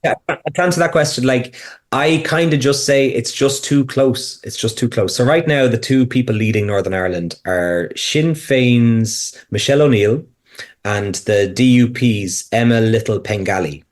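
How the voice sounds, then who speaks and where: A man's voice: mid-range voice, moderate pace. A man speaking as a podcast guest, explaining casually while thinking aloud, with frequent restarts and fillers.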